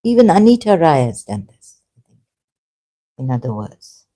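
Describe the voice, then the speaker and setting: A religious commentator in an unscripted personal monologue, talking in a meandering, halting way with many self-corrections, earnest and at times emphatic. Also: mid-range voice, very animated, dark tone. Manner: earnest, grows emotional and emphatic.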